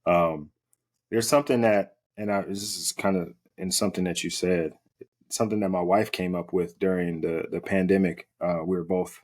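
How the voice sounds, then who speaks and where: A male podcast host with a very low, deep voice. He asks long, rambling questions and affirms his guest's answers. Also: fairly even intonation, normal speed, a little mellow. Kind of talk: conversational interview.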